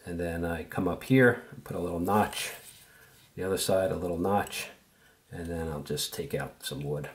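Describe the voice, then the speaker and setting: Low-voiced man teaching a relaxed tutorial. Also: moderate pace. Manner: relaxed, easygoing, thinks aloud while working. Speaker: woodcarving instructor. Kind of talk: casual step-by-step tutorial.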